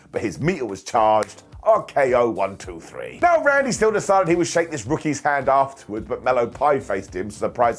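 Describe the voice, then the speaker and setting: A man recapping a wrestling show in an energetic, jokey casual way, often laughing and mocking himself. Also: mid-range voice.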